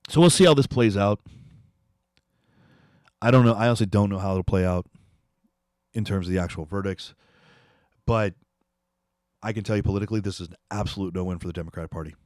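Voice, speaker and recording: A man's voice: fairly low pitch, a little fast, pauses often, a little mellow, no echo, clean studio sound. A man hosting a political commentary, ranting angrily and repeating himself as he dares his listeners to respond. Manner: angry, ranting, repetitive, challenging viewers.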